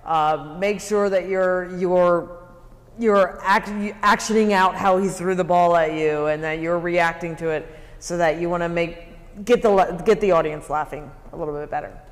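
A man judging a school talent show, giving halting advice with several restarts. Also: high-pitched, fairly even intonation. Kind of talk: giving feedback. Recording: echoey studio hall.

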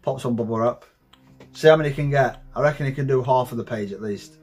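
A man in his thirties hosting a reaction video, talking in an excitable, heavily profane casual way. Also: mid-range voice, quick pace, faint music behind. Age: 30s.

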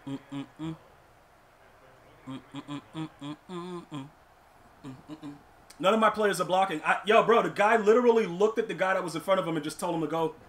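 A young man streaming a football video game, complaining to himself and his chat and shouting in disbelief at bad plays. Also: high-pitched, racing, hardly any pauses, a little hiss or hum. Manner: exasperated, talks to himself and chat. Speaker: gaming streamer. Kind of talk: live gameplay commentary.

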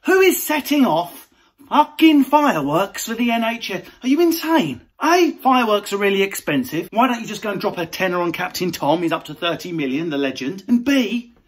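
A man's voice: high-pitched, expressive, fairly quick, husky. A man, a comedian, delivering a brash, sweary, mocking comic rant.

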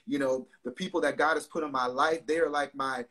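A man talks about his writing on a video call and builds into a sermon, stacking up rhetorical questions. His voice is bright and forceful with a husky edge. The delivery is animated and preacherly. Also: medium pitch, fairly quick. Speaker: guest, author and pastor. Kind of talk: casual interview, preaching at times.

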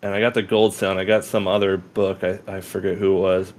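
Rambling, swearing man with a low voice. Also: flat delivery, fairly quick. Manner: rambling, profane, laughs often, many restarts. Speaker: podcast co-host. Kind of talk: casual conversation about poetry.

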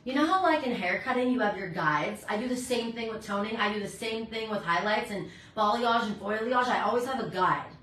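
A middle-aged woman hairstylist chatting brightly while she demonstrates hair toning in a salon, teaching as she works. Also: on the high side, a little fast, few pauses. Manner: bubbly, chatty, talks while working. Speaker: hairstylist educator. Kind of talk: live hair coloring tutorial. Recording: echoey room.

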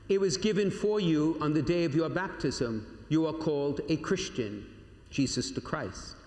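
Priest telling a story in an echoing church. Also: male voice, fairly high pitch. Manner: storytelling, addresses listeners as "my young friends"; dramatic pauses and slowed emphasis. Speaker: Catholic priest. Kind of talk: sermon to confirmation candidates. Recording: echoey church with long reverb.

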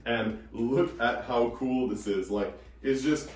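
A man's voice: mid-range voice, slow pace. A man hosting a casual reptile vlog at home, upbeat and chatty, often tagging on "right?". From Canada. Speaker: reptile channel host. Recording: echoey room with guitar music.

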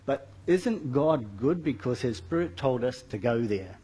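A man's voice: mid-range voice, expressive, a little slow, mellow, slightly rough. A middle-aged man in a church giving an earnest, rambling personal testimony with many fillers, then leading a prayer.

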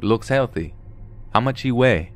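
A man's voice: mid-range voice, animated, unhurried, faint music behind, voice pushed up, close to an everyday voice. A man voicing a pushy middle-aged Russian woman stranger, speaking insistent broken English with a Russian accent.

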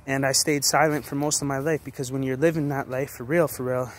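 A man's voice: mid-range voice, steady tone, brisk, a little hiss or hum. Profane, fiery young man ranting. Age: 20s. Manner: profane, blunt and forceful, with repeated restarts. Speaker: vlogger. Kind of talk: intense motivational rant.

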